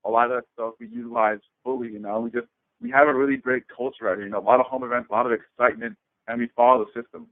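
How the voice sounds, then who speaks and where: A young man answers on a conference call in brisk, matter-of-fact terms. He talks very fast. The sound is a dry, tinny phone line. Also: mid-range voice, steady tone, no echo. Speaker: team leader on a call. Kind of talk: casual phone chat.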